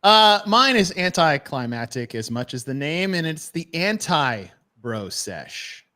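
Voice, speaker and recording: Animated man hosting a casual chat. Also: fairly high pitch, measured pace. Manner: animated, laughing, swearing casually. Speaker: podcast host.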